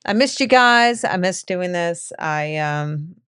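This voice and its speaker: A young woman co-hosting a casual chat show, playful and giggly, with quick asides. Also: on the low side, animated, fairly bright tone, smooth, no room sound, studio quality. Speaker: co-host.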